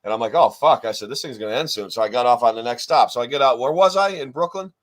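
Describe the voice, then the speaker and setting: Male co-host, loose rambling storyteller, curses freely, average pitch. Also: fast talker. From New York State. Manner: rambling, profane, animated retelling. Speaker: podcast co-host. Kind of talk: casual storytelling chat.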